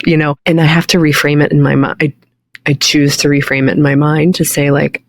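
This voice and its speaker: A woman's voice: sits low, steady tone, fairly quick, gravelly, no room sound, studio quality. A woman in her forties, a recovery coach and podcast guest, speaking earnestly and reflectively in a candid interview. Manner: earnest, reflective, quotes her own inner voice.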